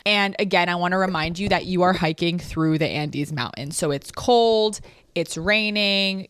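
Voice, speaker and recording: Young woman, podcast host, casual storytelling, earnest, lowish voice, dry room. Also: no echo. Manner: casual, filler-heavy, earnest and emotional. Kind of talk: personal storytelling monologue.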